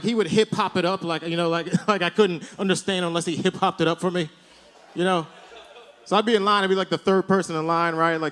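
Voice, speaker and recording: Guy doing stand-up at a club, rambly, keeps asking right?, fairly high voice. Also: a bit bright, smooth. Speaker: stand-up comedian. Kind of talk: stand-up comedy set. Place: comedy club stage.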